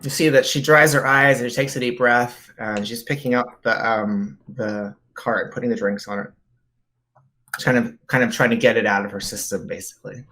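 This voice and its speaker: A man narrating as game master in a relaxed, halting way, full of ums. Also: mid-range voice, slight background noise.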